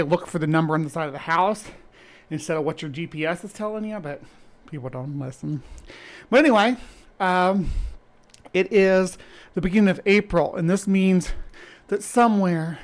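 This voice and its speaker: A woman hosting a casual live stream, chatty and rambling, a little out of breath. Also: deep voice. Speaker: host.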